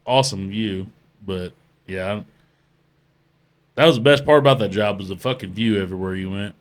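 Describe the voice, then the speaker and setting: A man's voice: on the low side, moderate pace. Profane rambling man telling stories. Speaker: podcast host. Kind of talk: casual chat, storytelling.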